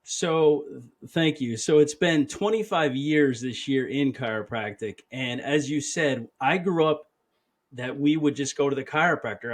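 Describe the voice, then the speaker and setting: A man in his fifties, a chiropractor guest, telling a personal story in an earnest, emotional way and often quoting himself. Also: a little high. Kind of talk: storytelling interview answer.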